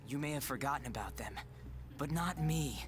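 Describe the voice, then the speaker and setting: A man voicing an earnest young man, soft and distant. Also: mid-range voice, animated, normal speed, close to an everyday voice. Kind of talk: anime cutscene dub. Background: game music.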